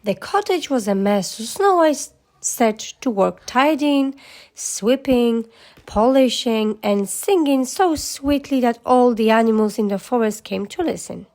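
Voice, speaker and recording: A woman narrating a children's story in a lively, expressive way. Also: fairly high pitch, a little slow.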